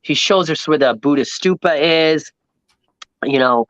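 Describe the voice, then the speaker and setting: A man from Long Island, telling a rambling, animated travel story as a podcast guest and acting out the people he met. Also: on the high side, measured pace, no echo, lo-fi sound. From New York, Long Island. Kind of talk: casual storytelling chat.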